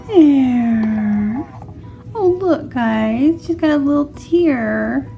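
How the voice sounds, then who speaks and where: A woman cooing at a baby doll in a high, very slow voice, soothing it like a mother. Her pitch swings up and down with each sympathetic word. Faint music plays behind her. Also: expressive, gravelly. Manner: cooing, soothing mommy talk. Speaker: toy reviewer. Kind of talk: doll play and unboxing.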